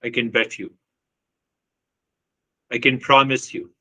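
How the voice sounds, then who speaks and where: A man with a bright, forceful voice gives an earnest spiritual talk. He repeats himself for emphasis and puts pointed questions to his listeners. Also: medium pitch, little pitch movement, takes it slowly, low-quality recording. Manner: earnest, repetitive, with short laughs and acted quotes. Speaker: spiritual teacher.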